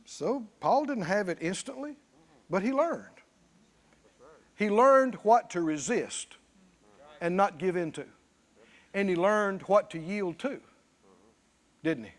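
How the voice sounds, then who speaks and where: A man delivers a sermon in an unusually high voice. His preaching is emphatic, swinging between shouted lines and low, quiet stretches. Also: lively intonation, slow pace, long pauses. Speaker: pastor.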